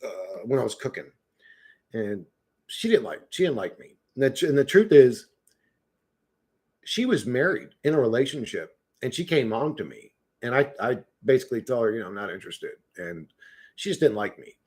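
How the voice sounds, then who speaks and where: A man's voice: medium pitch, sing-song, normal speed, darkish tone. A man in casual conversation, telling a rambling, profane story full of restarts and asides. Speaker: podcast host. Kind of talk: casual chat.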